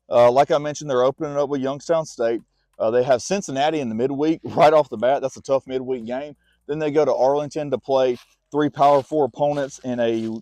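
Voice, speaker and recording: A man's voice: mid-range voice, warm tone, dry recording. A man casually talking college sports while walking his dog outdoors, a bit out of breath and turning now and then to chat with the dog. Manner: chatty, talks to his dog between points. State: winded from walking. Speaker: sports vlogger. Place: outdoors on a walk.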